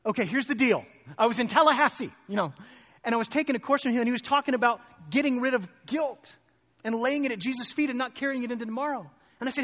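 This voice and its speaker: A man preaching a sermon, telling a personal story in an animated way and climbing high and loud when excited. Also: fast. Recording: muffled hall with long reverb.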